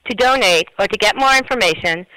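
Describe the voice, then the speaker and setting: A man reading a charity announcement in a smooth, polished way. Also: high voice, lively intonation, fairly quick, pushed and bright, no room sound, poor audio.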